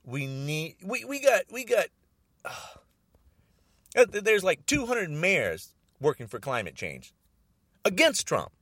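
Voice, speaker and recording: A man's voice: high voice, wildly swooping pitch, slow pace, long pauses, a bit bright, no room sound, clean studio sound. An older man in an angry, agitated political rant, repeating himself and stumbling over restarts.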